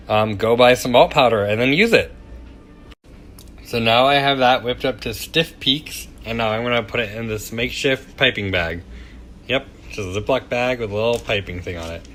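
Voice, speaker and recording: Bright-voiced man chatting through a kitchen demo. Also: mid-range voice, slight background noise. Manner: chatty and self-deprecating, with fillers and asides. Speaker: cooking show host. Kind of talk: casual cooking demonstration. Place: home kitchen.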